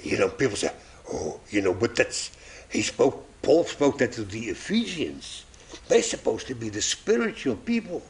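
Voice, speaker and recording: A man's voice: mid-range voice, sing-song, normal speed. A man preaching a sermon, telling illustrations and acting out the voices in his stories, chuckling at his own jokes.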